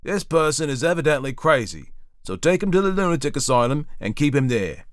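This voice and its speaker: A man voicing a stern, severe magistrate who fires off brisk, scolding questions in a storybook reading. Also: a little high, big pitch swings, no room sound, clean studio sound, voice pushed up.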